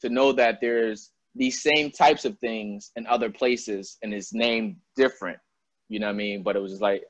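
A man's voice: lowish voice, steady tone, moderate pace. A man from Albany hosting a casual interview, talking loosely and often checking in with "you know what I mean". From Albany, New York. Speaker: interview host. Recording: dull dry lo-fi sound.

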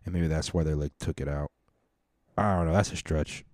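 A man's voice: very deep voice, steady tone, normal speed, a little mellow, no room sound, clean studio sound. A man hosting a casual monologue, rambling and swearing through mock rants. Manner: rambling, profane, mock-ranting.

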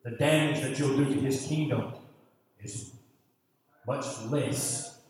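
A man preaching a sermon, telling a story from his youth and acting out his own grumbling thoughts with sudden jumps and quiet mutters. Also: mid-range voice, slow pace. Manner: drops to a muttering hush for inner grumbling. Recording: echoey hall, voice from far off, faint ambience.

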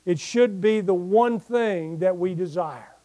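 Older preacher guy, highish voice, mellow, chatty then fired up reading scripture, dry close sound. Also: slow, no echo. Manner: conversational preaching that swells into emphatic scripture reading. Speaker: pastor. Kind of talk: sermon.

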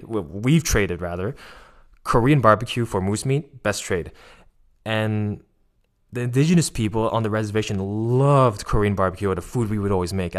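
Young guy, lowish voice, casual rambling storyteller who acts out quotes. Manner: rambling, filler-heavy, animated quoting of others. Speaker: former missionary telling a story.

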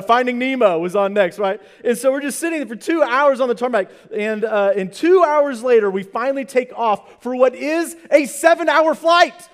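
A man's voice: very high voice, normal speed. A man in his thirties, a pastor telling a comic personal story in his sermon, acting out the people in it. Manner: animated, comic storytelling with acted-out quotes. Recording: long hall reverb.

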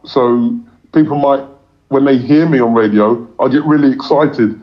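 A man's voice: medium pitch, normal speed. A man, a cricket commentator, talking casually in an interview, rambling with repeated words and plenty of fillers. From England. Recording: dull lo-fi recording.

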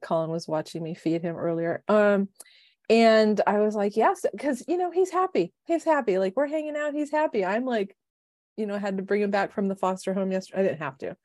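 A middle-aged woman chats on a podcast in a rambling, heartfelt way, jumping between thoughts. Her voice sits at an ordinary pitch for a woman, recorded close and dry with no room sound. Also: brisk, no room sound. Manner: emotional, rambling, animated self-talk. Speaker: life coach and podcast co-host. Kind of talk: casual podcast chat.

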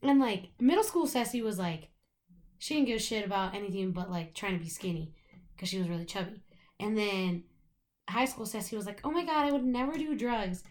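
A woman's voice: medium pitch, brisk, a little mellow. Young woman, podcast co-host, casual rambling chat, filler-heavy. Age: young adult. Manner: rambling storytelling, full of "like" and swearing.

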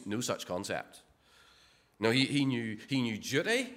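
With a fairly high, somewhat bright voice, a man delivers a sermon in a conversational style, full of repeated words and rhetorical questions.

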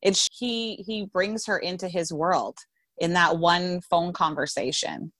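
A young woman author talking about her novel as a guest on a podcast, chatty and relaxed and quick to laugh. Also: on the low side, no echo. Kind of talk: casual interview chat.

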